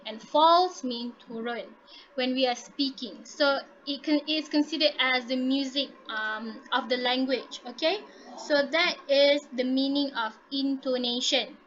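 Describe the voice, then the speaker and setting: A woman's voice: sits high, a little slow, a bit bright, lo-fi sound. A woman teaching an English class online. She is encouraging, says "okay" again and again, and slips Malay words in. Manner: encouraging, repeats "okay" often, mixes in Malay. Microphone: laptop mic on a video call.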